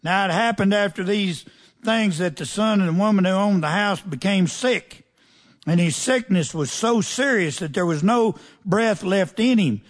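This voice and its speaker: A man with a high voice preaches a sermon at a moderate pace. He reads scripture aloud, then breaks off to comment and put pointed questions to the congregation in a folksy, conversational way.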